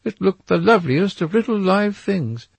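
A man voicing an anxious, brooding young gentleman who speaks in a raised, pleading way. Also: high voice, expressive, moderate pace, creaky, breathy edge, no echo, voice pushed up, full character voice.

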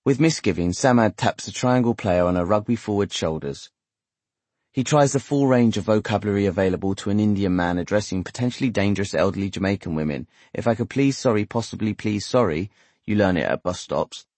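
A man narrating a literary novel in a measured, steady, wry manner. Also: fairly low pitch, dry recording. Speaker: audiobook narrator.

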